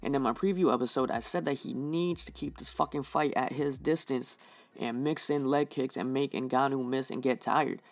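A man's voice: mid-range voice, normal speed, no room sound. Heated, profane man reviewing fights. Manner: heated, swears constantly, rambling fillers. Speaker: fight podcast host.

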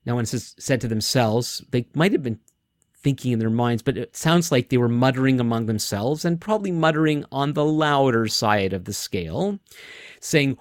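A man delivering a conversational sermon with thoughtful pauses and frequent restarts. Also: mid-range voice, no room sound, studio quality. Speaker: pastor.

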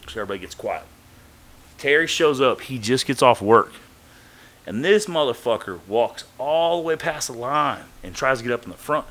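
A man's voice: medium pitch, moderate pace. A man telling a story casually on a podcast, swearing freely and acting out other people's lines. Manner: profane, animated, acts out quoted voices.

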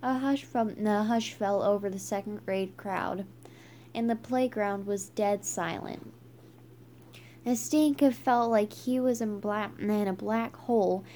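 A woman reading a children's book aloud, halting and stumbling with frequent restarts. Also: mid-range voice, warm tone, slight background noise. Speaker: reader.

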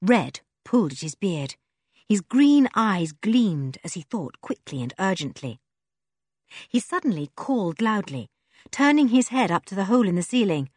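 Casting: expressive audiobook narrator, woman, husky, low, dry studio sound. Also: moderate pace, dry recording. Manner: expressive storytelling.

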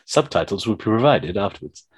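A man hosting a podcast, chatting casually and retelling childhood cartoons with animated enthusiasm. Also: fairly low pitch, fairly quick, slightly rough, no echo. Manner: animated retelling of old cartoons, often laughing. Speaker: podcast host.

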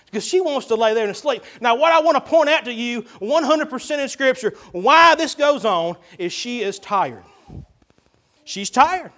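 A man's voice: extremely high pitch, a bit bright. A man preaching a sermon in a folksy, chuckling way, with frequent "uh"s and restarts.

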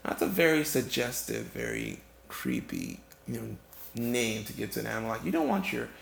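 A man telling a rambling comic story, halting and restarting often, tired and yawning. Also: medium pitch, wildly swooping pitch, gravelly, a bit bright. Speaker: comedic storyteller. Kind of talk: improvised comedic monologue. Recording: echoey room with faint noise.

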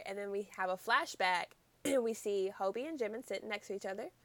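A woman's voice: medium pitch, a little fast, a bit bright, dry recording. A woman casually recapping a show with friends, chatty and giggly, using many "like" fillers. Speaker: podcast co-host.

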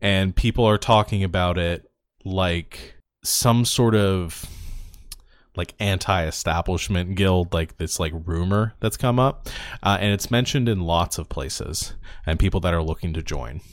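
Low-voiced man running a tabletop game. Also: a little slow, no room sound, clean studio sound. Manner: rambling, filler-heavy narration. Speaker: game master.

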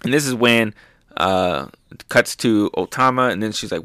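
A young man casually recapping manga chapters, excited and loose, with lots of fillers. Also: medium pitch, normal speed, dry recording, studio quality. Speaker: manga reviewer.

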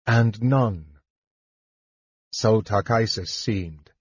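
A man narrating an audiobook in a measured, dramatic reading. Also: medium pitch, a little mellow, breathy edge, dry recording. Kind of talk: scripted narration. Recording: dull lo-fi dry recording.

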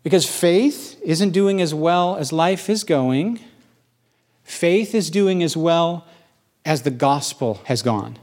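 Middle-aged male pastor, preaches in a raised register, animated, leans hard on key phrases. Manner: animated, rising to high questioning bursts; slows for emphasis on key phrases. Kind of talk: sermon.

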